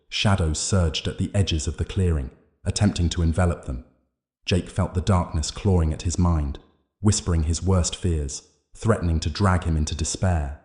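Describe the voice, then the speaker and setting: A man narrates a scripted horror story in a measured, dramatic way. His voice is low and deep. The recording has a roomy echo. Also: darkish tone.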